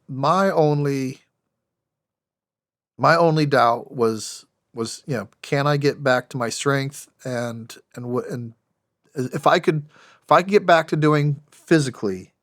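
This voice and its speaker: A man's voice: mid-range voice, a bit bright, dry recording, clean studio sound. A middle-aged former soldier from the United States, a podcast guest telling his story candidly with many restarts and fillers. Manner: halting, with frequent restarts and fillers. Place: podcast studio.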